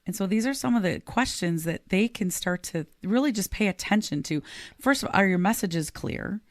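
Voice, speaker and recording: A woman's voice: mid-range voice, lively intonation, moderate pace, no room sound, clean studio sound. A woman podcast co-host and leadership coach, talking casually and earnestly and laughing easily.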